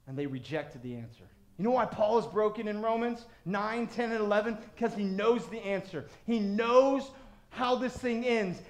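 A man preaching a sermon as pastor, moving between loud, fervent passages and low, quiet emphasis. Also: echoey room.

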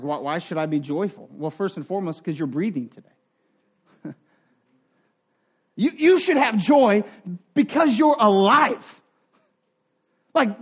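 A middle-aged man preaching a sermon in an earnest, conversational way, dropping to quiet asides and rising for emphasis. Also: very high-pitched. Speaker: pastor.

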